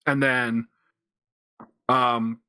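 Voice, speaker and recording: Bright-voiced man chatting on a podcast. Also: medium pitch, flat delivery, extremely slow, clear, resonant tone, no echo. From Pennsylvania, USA. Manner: rambling, lots of restarts and fillers. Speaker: podcast co-host. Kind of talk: casual chat.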